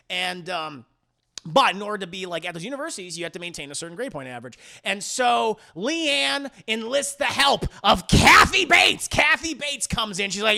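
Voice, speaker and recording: Gravelly, high-voiced rambling male streamer. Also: lively intonation, moderate pace, bright, forceful tone. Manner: rambling and profane, full of fillers. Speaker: streamer reviewing a movie. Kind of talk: casual chat with a live chat.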